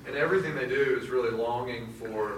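A man leading part of a class discussion, earnest and measured. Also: medium pitch, crowd noise. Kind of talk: teaching in a group discussion. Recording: roomy, from a distance, faint noise.

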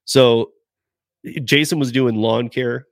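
A man's voice: medium pitch, steady tone, slow, creaky, no echo. Middle-aged man, guest on a chatty podcast; rambly, restarts a lot, dry recording. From Denver area. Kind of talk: casual podcast chat.

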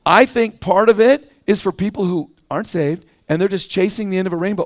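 A middle-aged man delivers a sermon from a church pulpit, his voice pitched high for a man. He talks in an animated, conversational way and slips into quick voices to act out the people in his stories. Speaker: pastor.

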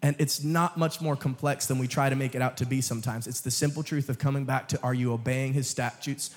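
A young man preaching a sermon, dropping to quiet, joking asides and then rising to loud, emphatic calls to the congregation. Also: medium pitch, fairly even intonation, fairly quick, long reverb tail. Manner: jokes with the congregation and laughs. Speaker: guest preacher. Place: church sanctuary.

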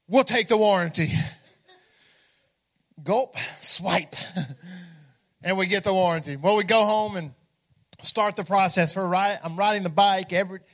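A man's voice: high voice, measured pace. A man preaching a sermon, telling a funny personal story with energy and calling out to the congregation. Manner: energetic, humorous, calls out to the congregation. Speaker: pastor.

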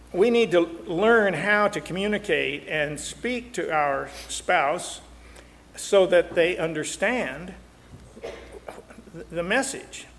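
A man's voice: on the high side, gravelly. Joking older man, echoing room. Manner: folksy, joking, acts out quotes. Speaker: marriage counselor. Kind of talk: talk show teaching.

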